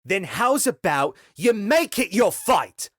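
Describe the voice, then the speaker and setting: A man voicing a fierce, foul-mouthed young woman fighter who shouts roughly and scornfully. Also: high voice, sing-song, takes it slowly, no room sound, clean studio sound, faint music behind, voice pushed up, heavily acted. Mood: scornful shouting.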